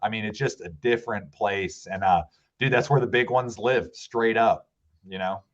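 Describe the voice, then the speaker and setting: Male podcast guest, lively storyteller, muffled lo-fi audio. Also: on the low side, moderate pace. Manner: animated, acts out quoted voices. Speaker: podcast guest, fishing guide. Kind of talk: casual storytelling chat.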